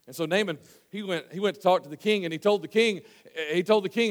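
A man preaches to his church in a folksy, storytelling way, stumbling through restarts as he goes. His voice sits high for a man and rings out with a long hall reverb. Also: quick pace. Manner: folksy, storytelling, many fillers and restarts, swings from hushed to loud. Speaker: pastor. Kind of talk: sermon. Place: church sanctuary.

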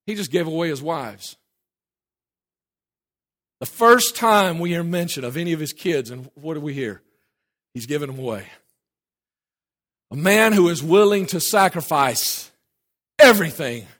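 A man preaching a sermon in a slightly raised voice, pressing through it in a hurry. He swings from loud, emphatic declarations to quiet, low asides and restarts. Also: expressive. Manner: hurried, with restarts and asides to a helper. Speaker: pastor.

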